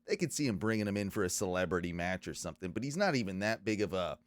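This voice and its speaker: A man's voice: low-pitched, lively intonation. A man in his thirties hosting a podcast in casual chat, talking loosely with many restarts and filler sounds. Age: 30s. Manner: loose, halting, lots of uh and restarts. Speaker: podcast host.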